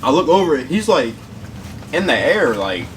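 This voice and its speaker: Animated young man telling a story. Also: fairly high pitch, normal speed. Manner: animated, laughs while telling, slangy. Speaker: mukbang co-host. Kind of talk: casual storytelling. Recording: distant mic with background noise.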